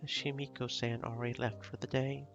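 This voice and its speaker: A man's voice: mid-range voice, level tone, a little fast, muffled recording, over music, natural voice. A man reading as a fussy old grandmother. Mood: bossy.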